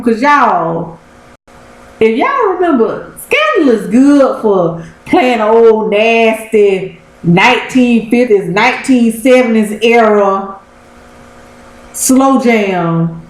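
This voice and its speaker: Animated woman recapping TV, roomy echo. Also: fairly high pitch, takes it slowly. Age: 30s. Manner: animated storyteller, talks straight to viewers. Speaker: TV episode reviewer. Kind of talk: casual recap vlog. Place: room at home.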